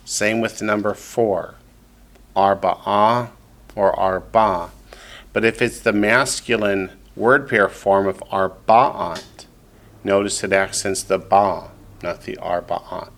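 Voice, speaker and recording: A male teacher with a somewhat low-pitched voice leads a classroom lesson. He echoes each student's answer back to them, then explains the point patiently and step by step. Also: steady tone, slow, fairly bright tone. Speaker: Hebrew teacher.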